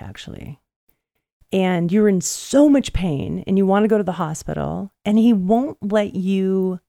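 Animated, profane woman storyteller. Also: on the low side, gravelly, no echo, studio quality. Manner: profane, animated, acts out quotes. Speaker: podcast host. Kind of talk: casual storytelling chat.

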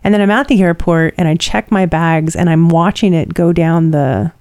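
Chatty middle-aged woman, warm dry voice. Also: fairly low pitch, moderate pace, no echo. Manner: rambling and chatty, many fillers. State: tired. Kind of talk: casual chat, personal storytelling.

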